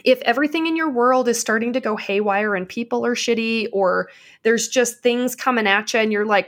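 A woman in casual conversation, telling stories in an energetic, passionate, self-mocking way. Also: on the high side, brisk.

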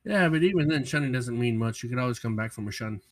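A man's voice: medium pitch, lively intonation, quick pace, no echo, studio quality, distant mic. A man co-hosting a casual gaming podcast, playful and teasing. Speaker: podcast co-host.

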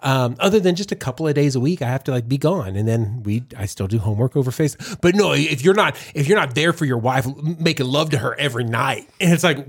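A man in his thirties chats casually as a pastor and co-host, candid and quick to joke. His pitch sits in an ordinary middle range, and he tells anecdotes with an easy, conversational manner. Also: animated, slightly rough. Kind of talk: casual chat.

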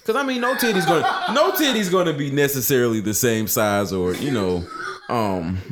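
A man co-hosting a podcast, joking crudely in casual banter, often laughing and swinging between low mutters and high bursts. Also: lively intonation, normal speed, very noisy. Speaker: podcast co-host.

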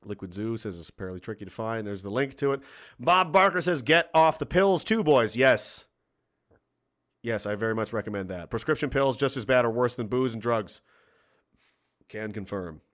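A man's voice: mid-range voice, normal speed. A man hosting a casual livestream, reading viewer messages aloud, cursing freely and laughing often. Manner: profane, animated, laughs often, reads chat aloud.

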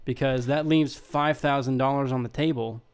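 Man, podcast co-host, casual chat, rambling, sarcastic, clear smooth voice. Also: mid-range voice, steady tone, moderate pace.

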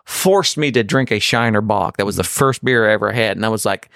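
Guy hosting a podcast, lowish voice, rambling, dry close sound. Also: fairly quick, no room sound. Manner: rambling storyteller, animated. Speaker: podcast host. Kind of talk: casual podcast chat.

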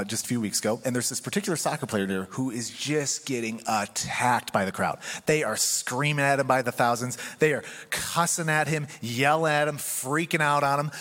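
A man giving a sermon as pastor, talking in a conversational, animated way. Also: medium pitch, long reverb tail.

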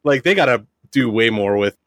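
A man co-hosting a podcast, chatting about movies in a rambling, profane, excitable way with lots of fillers. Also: medium pitch, moderate pace, no echo, studio quality. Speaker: podcast co-host. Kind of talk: casual movie review chat.

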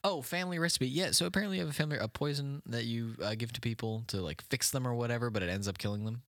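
A man's voice: medium pitch, racing, fairly bright tone, no echo. A man hosting an improvised comedy podcast, flustered and incredulous as he talks with a strange guest. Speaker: podcast host.

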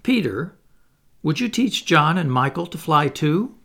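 A high, excitable young girl, prim and well-bred, exclaiming at everything, as a male reader puts her on. The voice is pushed well above his own and stays a bit husky and gravelly. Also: unhurried, full character voice. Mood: excited. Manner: breathless, exclaiming.

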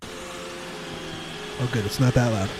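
A man's voice: fairly high pitch, brisk, very noisy. A man co-hosting a casual podcast chat, easygoing and laughing often. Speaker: podcast co-host.

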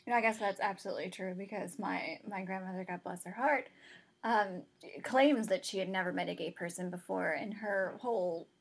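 Breathy woman guest, chatty, rambling, laughs easily. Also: medium pitch, a little fast. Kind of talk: casual chat.

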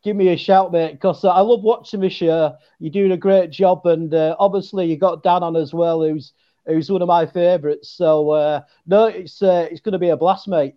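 A man's voice: sits high, fairly even intonation, moderate pace, lo-fi sound. A man from England, a podcast guest chatting casually, joking and laid-back, calling people mate.

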